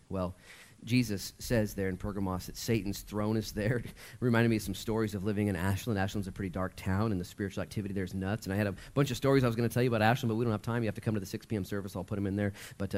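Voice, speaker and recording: A man preaching a sermon as pastor, telling a Bible story in an animated, casual way. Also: fairly low pitch, fast talker.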